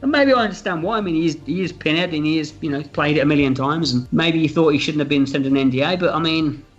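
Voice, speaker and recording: A man's voice: fairly high pitch, quick pace, lo-fi sound, faint music behind. A man in a casual interview, telling a story with energy, swearing freely and acting out what others said. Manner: animated, swears freely, acts out quoted dialogue. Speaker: film writer and director, interview guest.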